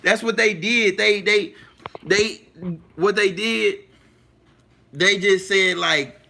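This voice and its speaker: In this casual livestream monologue, the male host talks slowly in a high, creaky voice that sounds pushed and bright. He stresses his points, repeats himself, and often asks if his audience is following along.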